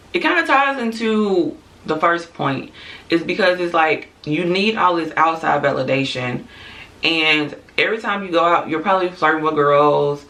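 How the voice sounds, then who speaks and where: A woman vlogger delivers a casual, unfiltered opinion rant to camera, blunt, candid and swearing freely, with frequent laughs and quick asides to her viewers. Her voice is bright and clear in tone. She sits low and a little back from the microphone, so she's recorded from a distance.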